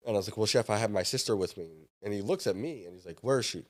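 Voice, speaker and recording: A man's voice: lowish voice, quick pace. A man in his thirties, a podcast guest, telling a story casually and acting out the dialogue.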